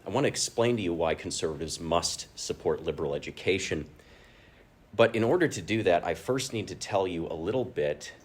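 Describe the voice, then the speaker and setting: A man speaks as guest lecturer in a steady, measured way. His voice sits very low. Dry jokes slip into his formal talk. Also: slightly rough.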